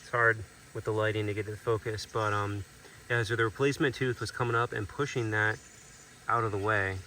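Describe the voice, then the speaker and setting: A man hosting a casual outdoor vlog at an animal sanctuary, chatty and relaxed as he explains what he is doing. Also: on the low side, brisk, slight background noise. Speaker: sanctuary keeper and vlog host.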